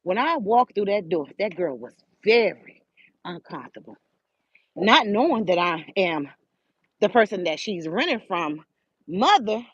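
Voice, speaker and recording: An older woman hosting a show, telling a spiritual story in an animated, preachy way and speaking right to her listeners. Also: mid-range voice, measured pace, breathy edge, dry recording. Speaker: host. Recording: dull lo-fi audio.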